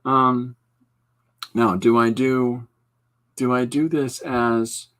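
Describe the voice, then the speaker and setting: A man hosting a podcast, chatting casually while he draws, rambling and breaking off into quick asides. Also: mid-range voice, flat delivery, a bit bright. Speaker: podcast host. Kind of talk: casual chat while drawing.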